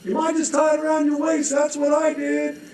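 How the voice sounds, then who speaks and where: A man's voice: extremely high pitch, monotone, fairly quick, gravelly, a crowd in the background, voice pushed up. A man voicing a carefree, stubborn man who hangs from a rope, speaking cheerily and refusing to climb up. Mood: cheery. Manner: cheery, pleading, then coolly refusing. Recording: echoey room.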